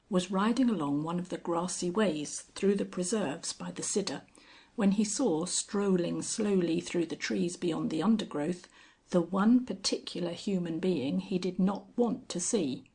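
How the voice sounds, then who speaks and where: A woman reading a classic story aloud in a measured, unhurried narration. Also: on the low side, darkish tone, breathy edge.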